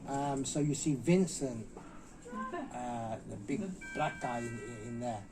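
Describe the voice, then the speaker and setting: A man's voice: medium pitch, huge pitch swings, takes it slowly, music in the background, poor audio. A middle-aged man, a martial artist guest in an interview, telling stories animatedly and acting out the quotes in a raised voice. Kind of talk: anecdotal storytelling.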